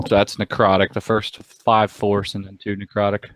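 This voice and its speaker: A man's voice: fairly low pitch, completely flat delivery, moderate pace, a bit bright, poor audio. A man playing a tabletop game, thinking aloud about his moves with hesitant fillers. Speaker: player. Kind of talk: casual tabletop game talk.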